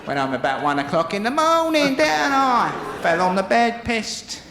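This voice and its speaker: A man's voice: very high-pitched, normal speed, heavy background noise. A man with a Cockney accent doing a stand-up comedy set, telling a story and acting out voices, with an audience laughing behind him. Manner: animated storytelling, acts out voices. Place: comedy stage. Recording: roomy live venue with loud crowd laughter.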